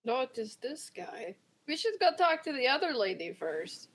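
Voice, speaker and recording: A woman's voice: high voice, very animated, moderate pace, slightly rough, poor audio. A woman playing in a tabletop game, blunt and offhand. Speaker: player.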